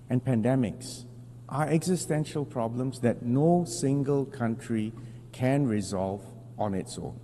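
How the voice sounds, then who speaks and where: A man, a foreign minister, delivers a formal speech at an international assembly in a measured, deliberate way, pausing for emphasis and correcting small slips. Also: mid-range voice, mellow. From Singapore. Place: large assembly hall. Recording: long hall reverb with faint hum.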